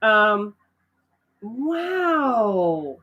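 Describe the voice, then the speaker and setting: A middle-aged woman at medium pitch hosts an easygoing live stream, drawing out her words as she talks with viewers. Trailing fillers are often interrupted by excited, surprised exclamations, and the audio sounds dull.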